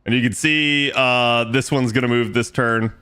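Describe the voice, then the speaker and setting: A man with a bright, clear voice talks through his turns in a strategy game. His commentary is casual and explanatory, with the odd curse word, at an ordinary mid pitch. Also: normal speed. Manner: relaxed, explains his moves aloud, swears casually. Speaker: streamer playing a strategy game.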